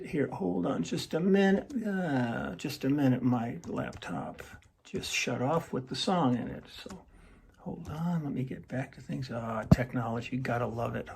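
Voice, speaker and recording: A man's voice: mid-range voice, gravelly, darkish tone, slight background noise. Rambling man chatting to his camera. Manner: rambling, self-interrupting storyteller. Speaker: musician hosting a home livestream. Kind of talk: casual chat to camera.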